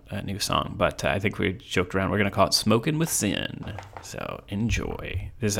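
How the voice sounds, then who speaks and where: Gravelly rambling podcast host, man. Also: lowish voice, fairly bright tone. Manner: rambling, laughs often, many restarts. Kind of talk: casual rambling podcast chat. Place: home, with a friend over.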